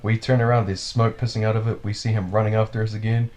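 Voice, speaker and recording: A man with a slightly low voice tells a wild story in relaxed podcast chat. He swears freely and talks animatedly, chuckling at his own tale. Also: quick pace. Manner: animated, profane, laughs while telling.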